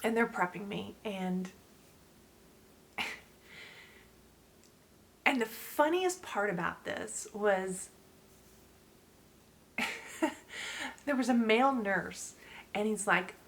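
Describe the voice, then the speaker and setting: A woman in her forties talks straight to camera at a middle pitch, casual and chatty. She laughs often as she tells her story and addresses her viewers directly. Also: expressive, extremely slow, pauses often. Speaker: channel host sharing her story.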